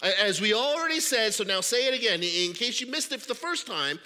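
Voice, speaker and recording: Congested animated preacher in a church hall. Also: male voice, high-pitched, a little fast, hardly any pauses. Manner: animated, stammering repeats. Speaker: pastor. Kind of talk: sermon. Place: church auditorium.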